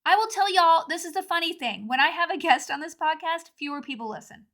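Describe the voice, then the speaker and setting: A woman's voice: very high-pitched, brisk. A woman in her thirties hosting her own podcast, chatting casually and poking fun at herself, recorded at home rather than in her sound booth. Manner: chatty, self-deprecating, animated. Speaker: podcast host. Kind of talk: casual solo podcast chat. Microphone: home recording, not in booth.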